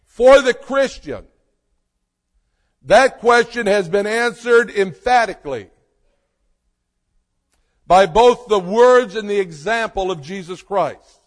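A male pastor delivers his sermon in a high voice, slowly and emphatically, leaning on dramatic pauses. His words ring out with a long reverb, as if spoken in a large church sanctuary. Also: lively intonation.

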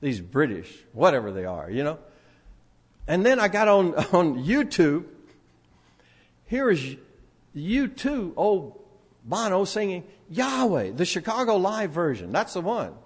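An older man preaching a sermon in a church, swinging between loud proclamation and quiet asides. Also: high-pitched, very animated, unhurried, breathy edge. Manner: sings a few lines of a song. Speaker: pastor. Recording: long hall reverb.

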